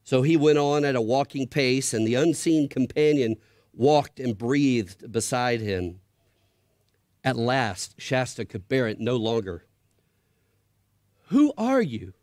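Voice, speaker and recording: A man's voice: mid-range voice, unhurried, dry recording, studio quality. A middle-aged man and father of grown children reading a story aloud with drama to an audience. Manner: expressive, dramatic read-aloud.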